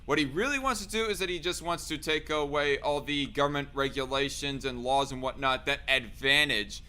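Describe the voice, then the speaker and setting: A man's voice: medium pitch, moderate pace, pushed and bright, smooth. A man hosting a podcast, talking in a casual, hesitant way and often correcting himself. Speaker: podcast host.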